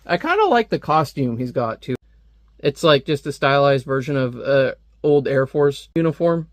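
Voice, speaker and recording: A man's voice: medium pitch, sing-song, normal speed, dry recording. A man giving a casual, wry comic book review with a conversational manner.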